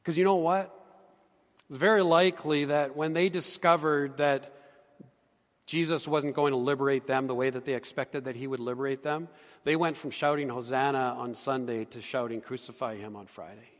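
Middle-aged pastor preaching in a reverberant church. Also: male voice, medium pitch, steady tone, normal speed. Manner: earnest, swings from emphatic to hushed. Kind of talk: sermon. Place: church sanctuary.

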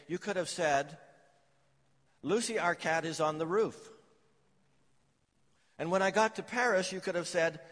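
A man's voice: on the high side, fairly bright tone, big-room sound. A man preaching a sermon, telling stories and jokes to his congregation. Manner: storytelling with jokes and anecdotes. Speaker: pastor.

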